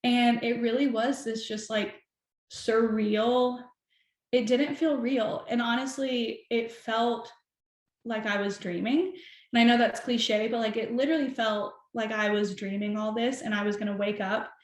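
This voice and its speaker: A woman's voice: a little high, measured pace. Chatty young woman in a roomy space. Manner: animated, chatty, heavy use of "like". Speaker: podcast guest. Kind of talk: emotional personal storytelling. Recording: roomy echo.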